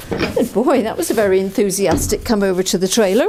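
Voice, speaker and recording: A woman's voice: medium pitch, lively intonation, a little fast, noisy background. A woman who trains horses, talking through a session outdoors beside a trailer and coaxing the animal along with upbeat praise. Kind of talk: explaining training while working.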